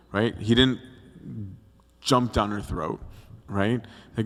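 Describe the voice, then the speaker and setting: A man's voice: lowish voice, slow pace, long pauses. A young adult male priest giving a casual, conversational youth talk on scripture. He acts out the quotes and keeps checking in with "right?". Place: church hall. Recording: long hall reverb.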